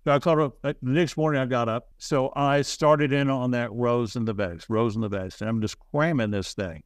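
A man as an interview guest, telling stories in a rambling, halting way with self-deprecating asides. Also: mid-range voice, fairly even intonation, dry recording. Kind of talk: casual storytelling.

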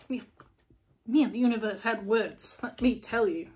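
A woman hosts a casual tarot reading, talking straight to her viewers in a chatty, blunt, animated way. Her voice sits a little higher than most women's and moves easily between brisk asides and relaxed explanation. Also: a little hiss or hum. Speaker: tarot reader, channel host.

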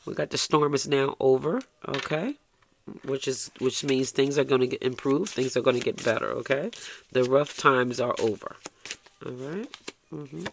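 A man's voice: mid-range voice, moderate pace, gravelly, a little hiss or hum. A man giving a tarot reading, blunt and coaxing, swearing freely and ending lines with "okay?". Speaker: tarot reader.

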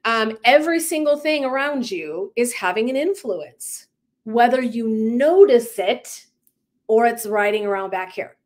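A woman energy coach speaks live to her followers with a slightly raised pitch. She is candid and emphatic, with casual swearing, and she acts out the people in her stories. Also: unhurried. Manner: animated storyteller who acts out clients' lines. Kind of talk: livestream talk to viewers.

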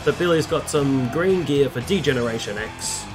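A man hosting a casual let's-play, chatting and reacting excitedly to the game. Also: mid-range voice, moderate pace. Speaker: gaming channel host. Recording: loud game music behind.

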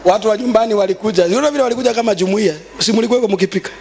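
High-voiced Kenyan preacher, shouting in bursts. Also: male voice, rapid-fire, big-room sound. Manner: switches between Swahili and English. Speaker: bishop. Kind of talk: sermon.

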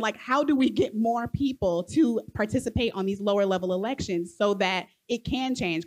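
Emotional woman asking from the audience. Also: on the high side. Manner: nervous, rambling, laughing. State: emotional, near tears. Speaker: audience member asking a question.

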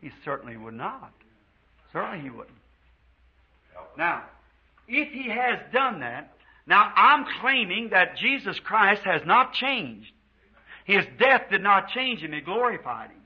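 High husky american preacher guy, fervent sermon in a church, muffled old tape sound. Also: very animated. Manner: fervent preaching, drawn-out quotes of scripture. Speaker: pastor. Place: church before a congregation.

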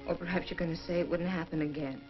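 A woman's voice: on the low side, steady tone, quick pace, natural voice. An actress playing a bitter young woman coldly rejecting a man in a 1950s film, cutting and scornful. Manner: cold, cutting, rising to shouting. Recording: dull old film soundtrack with music.

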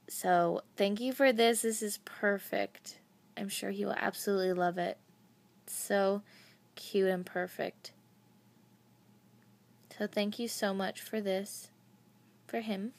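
Slow, gushing young woman vlogger. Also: mid-range voice, no room sound. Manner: gushing, breathy bursts of excitement. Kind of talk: casual unboxing chat.

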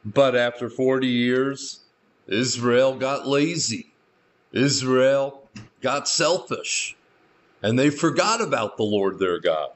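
A man's voice: medium pitch, lively intonation, slow. A man preaching a sermon as a Bible teacher, in an earnest storytelling manner with light touches of humor. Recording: muffled lo-fi recording.

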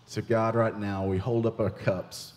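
A man leading prophetic ministry at a church service, playful and excitable, joking with the congregation. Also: fairly low pitch, measured pace, long reverb tail. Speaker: guest minister. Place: church sanctuary.

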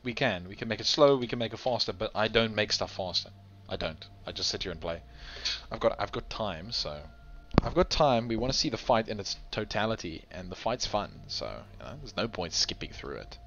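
A man hosting a game tournament stream, tired and with a sore throat, chatting in a relaxed, chuckling, rambling way. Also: lowish voice, a little fast, noisy background. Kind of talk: casual live game commentary. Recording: dull lo-fi stream audio with game music. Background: faint game music.

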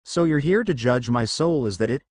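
Guy reading a hot-headed young ninja guy, defiant and mouthy, storybook style, lively voice. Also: medium pitch, normal speed, dry recording, lightly acted. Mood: plain. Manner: defiant, taunting.

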